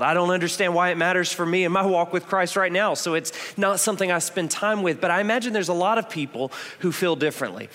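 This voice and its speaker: A man's voice: fairly high pitch, fairly bright tone. A man in his thirties preaching a sermon as a pastor, telling stories in a conversational way and stressing points with repetition. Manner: conversational storytelling, emphatic repetitions. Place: church auditorium. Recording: long reverb of a church hall.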